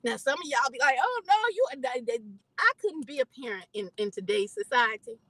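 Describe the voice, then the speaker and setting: A middle-aged woman delivering a fired-up, preachy vlog monologue, talking straight at her viewers. Her voice sits high and swoops widely as she swings between shouting and calm asides. The sound is dry and close, with no room around it. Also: brisk, dry recording, rough recording. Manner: fiery, preachy, talks straight to the audience. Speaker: vlogger.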